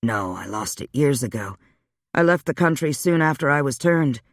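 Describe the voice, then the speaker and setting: A man voicing a weary, wry male vampire, speaking low and subdued in a dry audiobook reading. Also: expressive, moderate pace, no room sound, close to an everyday voice. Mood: steady.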